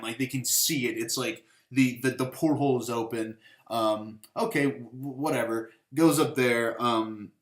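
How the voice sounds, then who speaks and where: A man hosting a casual film review, rambling through the plot with many fillers and profanity. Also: mid-range voice. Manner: rambling, profane, full of fillers, acts out quotes. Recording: echoey room.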